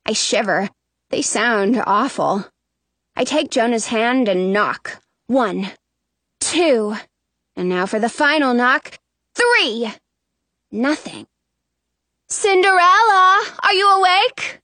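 A woman narrating a children's story in first person with an expressive, anxious tone. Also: fairly high pitch, takes it slowly, pauses often, no echo. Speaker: audiobook narrator.

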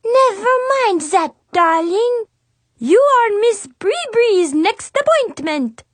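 Woman doing a squeaky fake-French little girl stylist. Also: sing-song, slow pace, dry recording, heavily acted. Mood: grand, coaxing. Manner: grand, theatrical, squealing. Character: bossy six-year-old girl playing posh salon stylist.

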